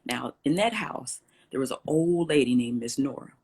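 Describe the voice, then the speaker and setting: A woman guest in an interview, telling a personal story with lively, acted-out dialogue. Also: a bass voice, normal speed, slightly rough. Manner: animated storyteller, acts out quoted dialogue.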